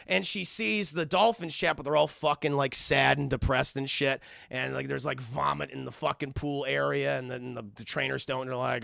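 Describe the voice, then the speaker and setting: A man streaming a cartoon review, recapping scenes in a casual, profane way. He sounds animated and keeps talking to his chat. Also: mid-range voice, normal speed, gravelly, few pauses, dry recording, studio quality. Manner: animated, swears a lot, keeps addressing the chat.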